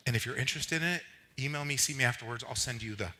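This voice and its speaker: A man, a pastor, delivering a lively, conversational sermon in church. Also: medium pitch, very fast. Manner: energetic, conversational, animated preaching.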